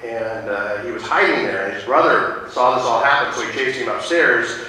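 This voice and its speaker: Bright-voiced pastor in an echoey church. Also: male voice, mid-range voice, moderate pace, a little hiss or hum. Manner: rambling, with many fillers and restarts. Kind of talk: sermon with storytelling. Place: church sanctuary. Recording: distant mic in an echoey church.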